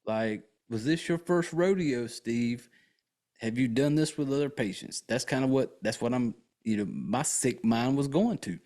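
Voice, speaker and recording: A man's voice: medium pitch, measured pace, darkish tone. Crude, rambling male podcast host. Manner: rambling, crude and joking, with many fillers. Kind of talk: casual, profane film recap.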